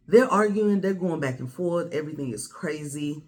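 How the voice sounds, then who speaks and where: Blunt, animated woman telling a story. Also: deep voice, normal speed, few pauses. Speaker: vlogger. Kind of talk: casual storytelling.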